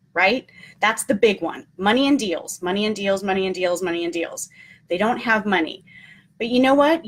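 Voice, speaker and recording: Chatty, earnest woman hosting a live stream. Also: mid-range voice. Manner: chatty, earnest, frequent ums; encouraging, repeats key points. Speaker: motivational host. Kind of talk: casual live-stream talk.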